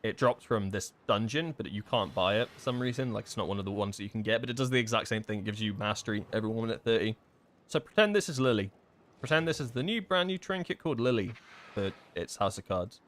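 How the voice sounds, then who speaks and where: A man's voice: lowish voice, fast. Man streaming a game, thinking aloud. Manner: casual, thinking aloud with many fillers and restarts; answers chat questions, relaxed and offhand. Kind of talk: live-streamed gameplay chat.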